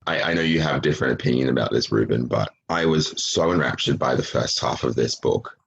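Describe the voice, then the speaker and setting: A man's voice: a bass voice, brisk, gravelly, lo-fi sound, slight background noise. A man on a podcast talking casually about a book at home, hesitant with many restarts. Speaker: podcast panelist.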